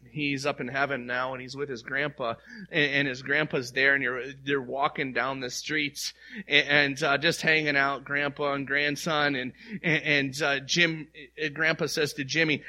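A man preaching a sermon as a pastor, animated and playful, with many rhetorical questions. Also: on the high side.

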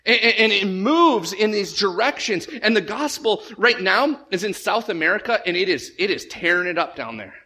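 A man preaching a sermon as pastor, animated and often stumbling over repeated words at the start of sentences. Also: high voice, moderate pace, hardly any pauses.

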